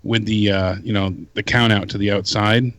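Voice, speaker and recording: A man co-hosts a live wrestling talk stream, easygoing and agreeable. His voice sits fairly low for a man. The sound is dry and close to the mic. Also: fairly even intonation, moderate pace, fairly bright tone, no room sound. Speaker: co-host. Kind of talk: casual live-stream chat.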